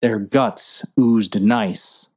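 A woman voicing an earnest, nervous male sailor sidekick in a low, plodding voice. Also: extremely slow, mellow, slightly rough, full character voice. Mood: worried.

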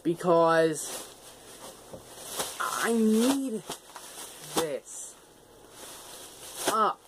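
A man's voice: high voice, animated, extremely slow. A young man vlogging casually while holding his phone, rambling and laughing at himself. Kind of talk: casual vlog. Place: outdoors. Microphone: phone held in hand. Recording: noisy outdoor phone recording.

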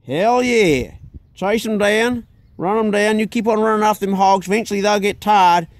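A man's voice: sits high, normal speed, no room sound, pitched above the performer's own voice, close to an everyday voice. A man voicing a boastful, swaggering hunter with a put-on drawl. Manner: drawling, bragging, tall-tale telling.

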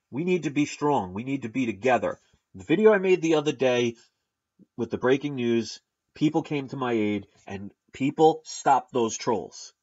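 A man's voice: medium pitch, a little mellow, highs cut off. A man hosting his own opinion vlog, delivering an emphatic, sarcastic rant to his viewers. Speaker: channel host.

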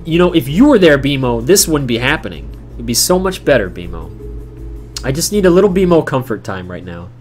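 A man streaming gameplay live, talking through it with theatrical exasperation that swings between mock despair and loud outbursts. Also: mid-range voice, big pitch swings, a little fast, soft background music.

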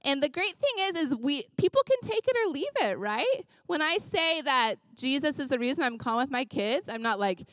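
A woman pastor telling casual, animated stories in a conversational sermon. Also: sits high, normal speed, dry recording. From Louisiana.

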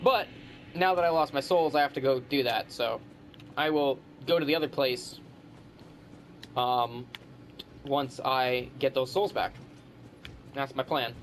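A man's voice: medium pitch, measured pace, pauses often, slight background noise. A man giving casual commentary while playing a game, grumbling and trash-talking the enemies with sarcasm. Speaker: gamer.

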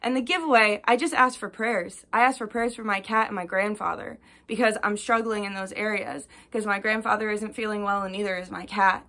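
A woman's voice: medium pitch, steady tone, fairly quick, hardly any pauses, pushed and bright. A young woman who runs a spiritual reading business, ranting bluntly and profanely to her viewers in a vlog. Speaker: spiritual reader and shop owner.

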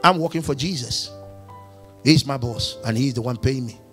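A man's voice: mid-range voice, normal speed, fairly bright tone, faint music behind. A man preaching a sermon in church, firing questions at the congregation and acting out little dialogues. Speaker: pastor.

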